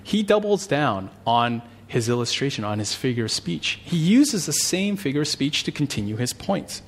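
A male pastor praying, then teaching a Bible passage in a conversational, animated way. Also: mid-range voice, normal speed. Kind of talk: sermon with prayer.

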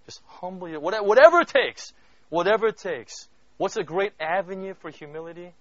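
A male pastor with a slightly high voice preaches in a loose, conversational way, forever checking in with his listeners. He moves between loud emphatic bursts and quiet, hushed moments. The recording sounds muffled and lo-fi. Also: lively intonation, a little fast. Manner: conversational, keeps asking "right?". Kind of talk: sermon. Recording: dull lo-fi recording.

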